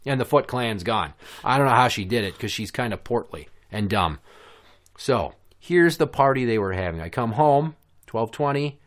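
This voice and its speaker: A man's voice: mid-range voice, expressive, moderate pace. Man, podcast host, blunt sarcastic rant, swears a lot, mid-range voice. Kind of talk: casual ranting storytelling.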